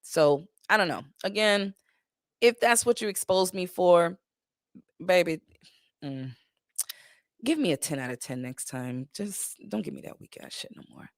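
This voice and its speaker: A woman in her thirties with a lowish voice hosts a casual livestream Q&A. She talks bluntly and candidly, swearing freely and laughing often. The sound is dry and close, with no room around it. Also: animated, unhurried, long pauses, dry recording. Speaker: livestream host.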